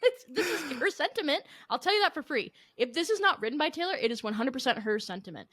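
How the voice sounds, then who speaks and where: Animated, laughing woman podcast co-host. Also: high-pitched, fast, no room sound. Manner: animated, laughs often, playful sarcasm. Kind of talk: casual chat.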